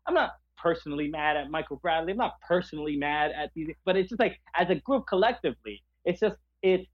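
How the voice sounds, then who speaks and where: A man co-hosting a podcast in casual chat, passionate and halting, often searching for his words. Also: high-pitched, muffled recording. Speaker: podcast co-host.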